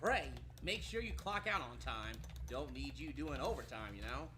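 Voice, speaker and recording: A man's voice: medium pitch, animated, normal speed, over music, natural voice. A man playing an awkward, hesitant office coworker who stammers. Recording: noisy room ambience.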